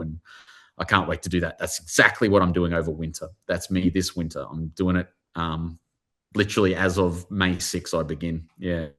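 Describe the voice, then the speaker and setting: A man with an Australian accent, an author speaking warmly and excitedly in a live online interview, with many restarts and fillers. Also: low voice. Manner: animated, effusive, lots of restarts and fillers. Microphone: video call.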